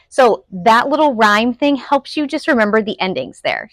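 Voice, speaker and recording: A woman's voice: a little high, very animated, normal speed, hardly any pauses, no echo. Woman Spanish teacher, upbeat and casual, quizzing the viewers, dry close recording.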